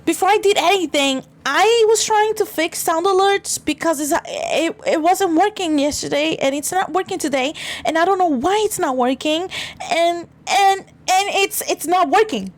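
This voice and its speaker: A woman's voice: very high voice, normal speed. A young woman streamer chatting casually and ranting in frustration, swearing and stammering through restarts at a desk mic. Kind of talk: casual livestream chat.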